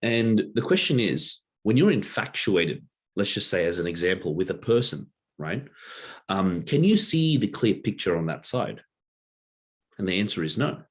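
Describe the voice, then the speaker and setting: Husky deep-voiced man teaching casually. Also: very animated, normal speed. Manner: loose and conversational, many fillers and rhetorical "right?"; drawing a diagram while explaining. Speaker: workshop presenter.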